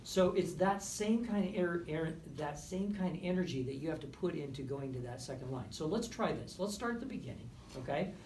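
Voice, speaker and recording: A man's voice: on the high side, expressive, fairly quick, hardly any pauses, a little mellow. Man, brass ensemble coach, encouraging, keeps asking "right?", echoey rehearsal room, recorded from a distance. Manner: encouraging, repeats "right?" and "okay?" often. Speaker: music clinician. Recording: roomy, from a distance, faint background noise.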